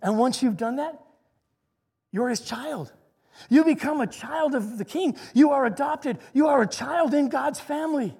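A man's voice: very high voice, unhurried, gravelly, a little mellow. A man preaching a sermon in an earnest manner, repeating phrases for emphasis. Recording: long reverberant echo.

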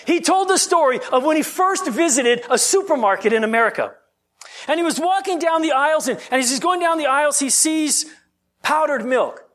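A man preaching a sermon, reading scripture slowly and then talking it through in a conversational way with frequent restarts. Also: extremely high pitch, animated, a bit bright. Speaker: pastor.

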